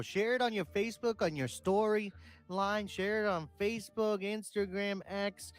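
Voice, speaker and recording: A man's voice: sits high, moderate pace. A man co-hosting a live stream, talking loosely and rambling, with swearing. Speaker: co-host. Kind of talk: casual chat on a live stream.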